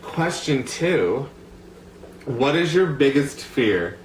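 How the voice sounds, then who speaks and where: In a slow, sing-song mid-range voice, a young American vlogger chats to camera in a rambling way loaded with fillers and asides. The room is echoey, with faint background ambience and a bit of hiss or hum.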